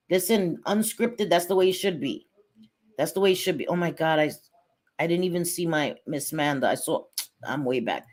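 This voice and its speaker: A middle-aged woman hosts a casual livestream, chatting bluntly, swearing freely, and greeting viewers by name. Her voice is on the low side and her pace is moderate.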